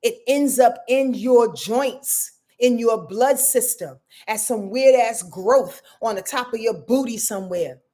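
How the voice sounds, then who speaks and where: A woman hosting a live astrology forecast, her voice sitting a little high. She preaches with emphasis, repeats herself to drive points home and calls her viewers "y'all" with open affection. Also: a little slow, hardly any pauses, mellow. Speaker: astrologer and show host.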